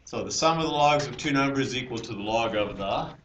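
A man's voice: medium pitch, animated, fast, fairly bright tone. A male math teacher lecturing a class, explaining step by step and questioning the students. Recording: roomy, distant classroom mic with hiss.

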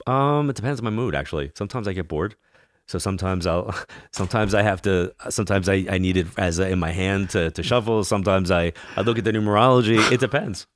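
A man talking as a guest on an interview show, telling animated stories and acting out the people he quotes. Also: deep voice, fast talker, dry recording. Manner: animated storyteller who acts out quoted voices. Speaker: psychic medium guest. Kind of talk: casual interview storytelling.

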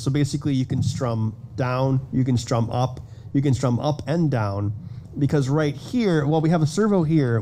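A man giving a conference keynote in a casual, self-deprecating way, telling animated stories about his builds. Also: mid-range voice, a little hiss or hum. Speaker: keynote speaker. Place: conference hall stage.

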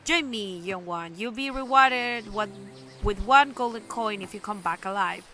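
A woman voicing an old cryptic man who loves games, speaking in a slow, solemn, riddling way. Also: medium pitch, bright, forceful tone, soft background music.

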